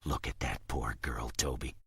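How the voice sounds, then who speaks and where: A man voicing an enraged young army captain who hisses and shouts threats. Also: a bass voice, steady tone, moderate pace, gravelly, breathy edge, no echo, clean studio sound, pitched below the performer's own voice, exaggerated voice. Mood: hissing. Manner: seething, hissing threats.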